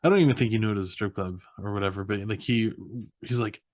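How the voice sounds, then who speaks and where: A young man co-hosting a podcast, casually recapping a film in an animated way, acting out quotes and laughing often. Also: fairly low pitch, fast talker, no room sound, studio quality. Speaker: podcast co-host. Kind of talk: casual movie recap chat.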